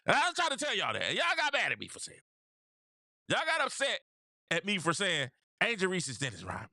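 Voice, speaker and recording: Lively high-voiced man with animated commentary. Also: brisk, no echo, clean studio sound. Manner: animated, repeats phrases, talks straight to viewers. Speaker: host of a sports talk show. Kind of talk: casual basketball commentary.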